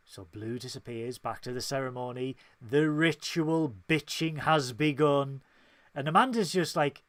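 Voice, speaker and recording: Lively man, higher voice. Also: a little slow, no room sound. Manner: animated, acts out character lines, swears freely. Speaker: podcast co-host. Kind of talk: casual review chat.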